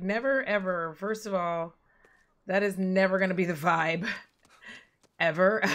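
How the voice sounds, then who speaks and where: A woman streams a video game and chats freely with her audience. Her talk is loose and full of swearing and quick laughs. Her voice has a bright, forceful edge. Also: fairly low pitch. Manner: profane, chatty, laughs easily. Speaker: gaming streamer. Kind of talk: casual gameplay commentary.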